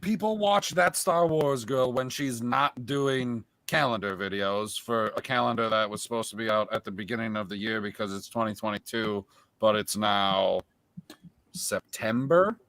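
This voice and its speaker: A man co-hosting a casual podcast, telling joking stories in an animated way. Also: lowish voice, moderate pace, no room sound. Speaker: podcast co-host.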